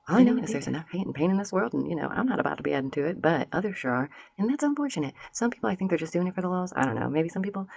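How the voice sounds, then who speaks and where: A woman's voice: low-pitched, gravelly, a little mellow, no echo. A woman vlogger giving sassy casual commentary straight to her viewers, slipping into mocking voices.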